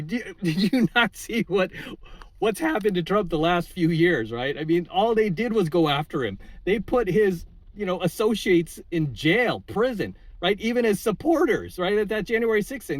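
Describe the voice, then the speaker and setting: A man's voice: fairly high pitch, no echo. A man hosting his channel, ranting indignantly in casual talk and tagging lines with "right?". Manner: indignant, repeats "right?" and fills with "uh" and "like". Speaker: channel host giving coaching videos. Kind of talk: casual political rant to camera.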